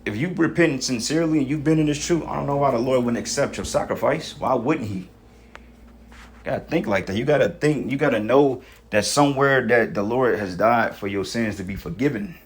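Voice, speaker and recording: A man's voice: medium pitch, a little fast, a little hiss or hum. A man giving an informal sermon to his brothers, exhorting in casual street talk with frequent profanity and repeated "you know what I'm saying". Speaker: preacher.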